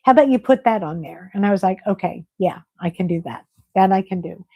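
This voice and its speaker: A middle-aged woman hosting a casual live stream, chatting and reading viewer comments aloud in an animated way. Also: mid-range voice, fairly quick, slightly rough, no room sound, dull audio. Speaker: livestream host.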